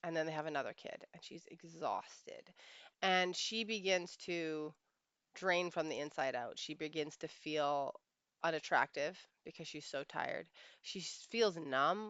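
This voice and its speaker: A woman's voice: lowish voice, moderate pace, fairly bright tone, clean tone, no echo, muffled recording. A woman life coach telling a story in a monologue, emphatic and repeating phrases for weight.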